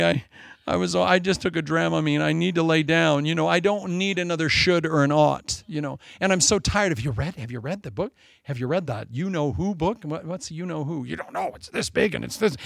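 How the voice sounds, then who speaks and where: Pastor, man in his 40s, lively sermon with jokes, raised pitch, gravelly, dry close sound. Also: no echo. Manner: animated, joking, self-mocking asides.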